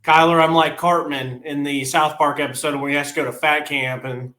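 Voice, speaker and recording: Man, sports podcast co-host, a bit higher voice, blunt, frustrated, laughs a lot, echoey room. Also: fairly even intonation, a little fast, sharp tone. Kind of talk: casual sports chat.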